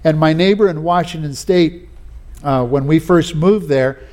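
A man's voice: a little high, a little slow, darkish tone. A man preaching a sermon, telling personal stories in a folksy way with frequent restarts. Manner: folksy storytelling, many "you know"s and restarts.

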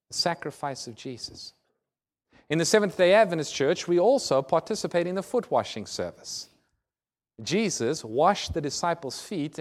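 A man preaching a sermon, telling a personal story in an earnest way and dropping to a soft, low voice in tender moments. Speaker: pastor.

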